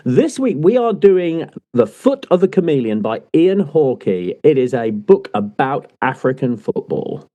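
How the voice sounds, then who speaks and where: A male podcast host with a lively, swooping voice that is mellow and dark in tone. He opens the show and keeps up a teasing, jokey banter with his co-host. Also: fairly high pitch, measured pace, hardly any pauses. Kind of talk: casual chat.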